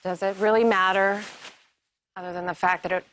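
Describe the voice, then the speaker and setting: An actress plays a guilt-torn wife in a television drama, her voice raw and emotional. She talks in a mid-pitched, ordinary register, pleading and pushing by turns. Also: fairly even intonation, brisk, background noise, lightly acted. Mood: furious, hurt. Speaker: soap opera wife. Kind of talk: TV drama acting.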